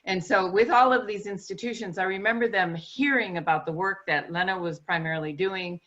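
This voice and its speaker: A woman adding her own reflections at a talk, in a measured, thoughtful way. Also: medium pitch, fairly bright tone. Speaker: co-speaker. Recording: dull lo-fi recording.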